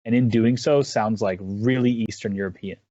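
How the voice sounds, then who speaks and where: A man's voice: on the low side, fairly even intonation, moderate pace, mellow, no room sound, muffled recording. A man chatting casually as an interview guest, rambling with lots of restarts and self-deprecating asides. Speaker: guest caster.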